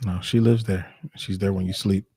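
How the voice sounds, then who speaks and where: A man's voice: low-pitched, steady tone, moderate pace, warm tone, husky, no room sound. A man co-hosting a casual live stream, laid-back and agreeable, often laughing along. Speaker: co-host.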